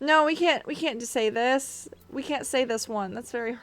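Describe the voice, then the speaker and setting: A woman's voice: on the high side, steady tone, moderate pace. A woman streaming a game, chatting casually in a playful, self-deprecating way. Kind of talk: casual gaming commentary.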